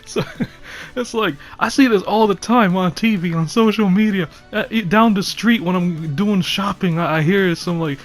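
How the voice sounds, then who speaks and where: A man's voice: high-pitched, moderate pace, faint music behind. A man ranting casually to his viewers, rambling, laughing often and swearing freely. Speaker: vlogger. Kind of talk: casual rant to camera.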